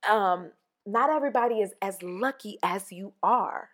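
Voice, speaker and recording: A woman hosting a casual solo podcast, talking in a lively, conversational way and acting out little quoted voices. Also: mid-range voice, normal speed. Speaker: podcast host.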